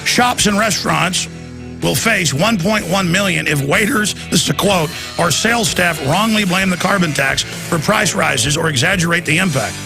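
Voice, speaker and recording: A man's voice: high voice, normal speed, gravelly, over music. A man hosting a radio talk show with a heated rant, often repeating words as he gets worked up. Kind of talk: ranting radio monologue.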